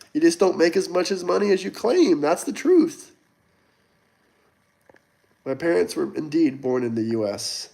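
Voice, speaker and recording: A man's voice: on the high side, gravelly, a little mellow. A young man from the United States hosting a casual livestream, reading chat and answering viewers in a blunt, argumentative, mocking way. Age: young adult. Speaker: livestream host.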